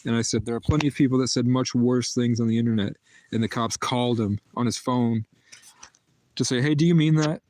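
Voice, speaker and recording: A man's voice: mid-range voice, little pitch movement, a little fast, darkish tone, no echo, low-quality recording. A man rambling and ranting in a casual vlog, muttering profanities to himself. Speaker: vlogger.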